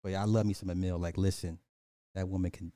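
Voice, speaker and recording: A man's voice: low-pitched, level tone, quick pace, dark tone, dry recording, clean studio sound. A man hosting a casual livestream, ranting profanely and animatedly, laughing and talking to his chat. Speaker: livestream host.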